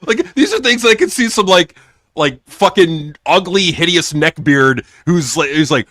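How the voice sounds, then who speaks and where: A man's voice: fairly high pitch, big pitch swings, measured pace, bright, forceful tone, no room sound. Sneering, swearing man on a dry mic. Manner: profane, sneering, laughs often. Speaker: podcast co-host. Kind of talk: crude casual news chat.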